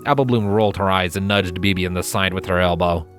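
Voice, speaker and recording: A man narrating a fanfiction story in a calm, steady read-aloud manner. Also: low voice, fast, soft background music. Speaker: fanfiction reader.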